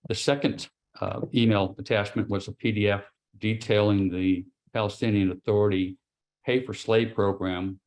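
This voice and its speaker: A middle-aged man, an interview guest, giving a grave personal account in a halting way, with pauses and restarts. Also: on the low side, fairly even intonation. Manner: quiet and grave. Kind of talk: personal testimony.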